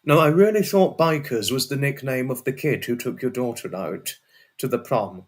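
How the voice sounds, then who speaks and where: A man's voice: mid-range voice, moderate pace. A man hosting a casual livestream and chatting with viewers. He rambles and repeats himself, and now and then breaks into a sweary outburst. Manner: rambling and repetitive, often restarts and repeats phrases. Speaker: livestream host. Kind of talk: casual livestream chat, answering viewers' messages.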